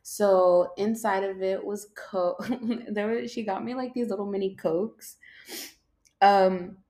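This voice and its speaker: A woman's voice: medium pitch, steady tone, slow pace, warm tone. A young woman hosting a casual podcast, rambling, swearing a lot, losing her train of thought and yawning as she talks. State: yawning, tired. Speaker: podcast host.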